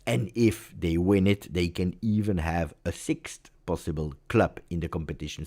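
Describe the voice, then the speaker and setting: Animated Italian man with a low voice. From Italy. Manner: animated, repeats phrases for emphasis. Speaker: football channel host. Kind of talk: casual livestream chat with viewers.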